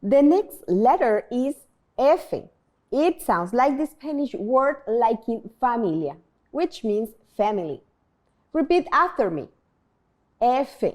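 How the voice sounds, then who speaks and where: A woman teaching a beginner language lesson, slowly modeling sounds and asking learners to repeat after her. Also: on the high side, big pitch swings, a little mellow. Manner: slow, clear modeling of pronunciation, prompting repetition.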